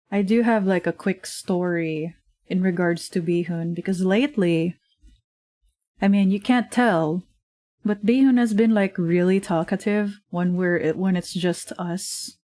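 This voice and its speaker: A woman's voice: on the low side, slow, mellow, no echo. A woman streamer chatting casually while she draws, rambling and full of fillers, laughing often, at a desk microphone in her home. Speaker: streamer and digital artist. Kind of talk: casual livestream chat while drawing.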